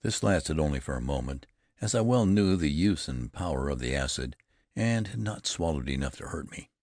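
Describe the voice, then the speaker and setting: An exceptionally deep and gravelly male voice, animated yet a little mellow, narrates a first-person audiobook tale with measured deliberation. Close miking keeps it dry and intimate, free of any room sound.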